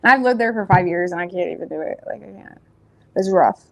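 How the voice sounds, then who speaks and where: A woman with a Nova Scotian accent doing a tarot reading in a rambling, casual chat, full of fillers and self-corrections, blunt and quick to laugh. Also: on the low side, vocal fry, fairly bright tone. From Nova Scotia, Canada. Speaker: tarot reader.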